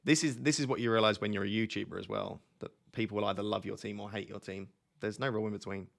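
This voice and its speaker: A young man with a gravelly edge hosts a relaxed live stream at his desk mic. He jokes freely and reads viewer comments aloud in a casual, chatty way. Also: fairly low pitch, fast. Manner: joking, reads chat aloud. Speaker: FPL streamer.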